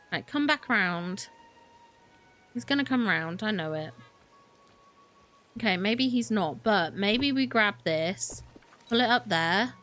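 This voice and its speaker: A woman's voice: on the high side, fairly bright tone. A young woman streaming a game, talking to herself in a flustered, chatty way with frequent laughs and exclamations. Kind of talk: gaming livestream commentary.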